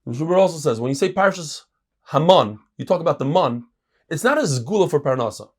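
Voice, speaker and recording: A middle-aged man, a rabbi teaching a Talmud lesson, reading Hebrew and Aramaic passages and explaining them in English with lively emphasis. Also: fast. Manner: animated, jumps in pitch and volume for emphasis.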